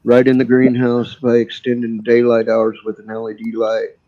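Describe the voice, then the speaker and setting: A laid-back man talks easily in a loose panel chat, his voice dark and mellow. The sound is dull and lo-fi. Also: medium pitch, completely flat delivery, moderate pace. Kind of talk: casual live panel chat. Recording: dull lo-fi audio.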